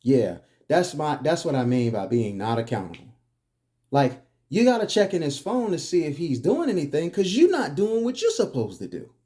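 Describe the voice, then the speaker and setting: A man's voice: on the high side, sing-song, normal speed, warm tone. A man delivering a preachy monologue, firing off emphatic, repetitive rhetorical questions. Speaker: commentary host.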